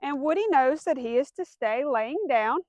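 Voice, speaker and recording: High-voiced woman dog trainer explaining. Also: lively intonation, normal speed, darkish tone, dry recording, muffled recording. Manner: clear step-by-step explaining, firm commands to a dog. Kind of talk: instructional demonstration.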